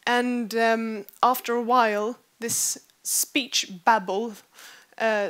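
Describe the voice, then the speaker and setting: A woman's voice: on the high side, a bit bright. Woman researcher presenting a talk. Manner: explanatory, with frequent fillers. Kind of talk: conference presentation. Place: lecture hall.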